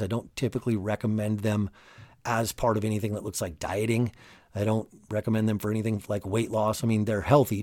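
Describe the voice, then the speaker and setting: A man hosting a solo motivational podcast, talking in an energetic, emphatic, casual coaching tone. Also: lowish voice, no echo, studio quality. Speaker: podcast host.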